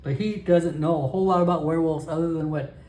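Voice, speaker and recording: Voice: mid-range voice, steady tone, quick pace, mellow, roomy sound, slight background noise. A solo tabletop role-player narrating casually and thinking aloud about dice rolls.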